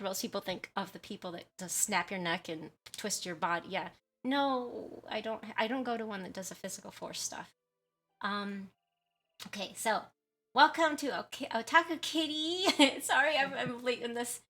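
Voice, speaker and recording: Bright-voiced chatty woman streamer. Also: mid-range voice, normal speed. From US West Coast. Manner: chatty, giggly, reads chat aloud. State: has a headache. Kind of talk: casual livestream chat.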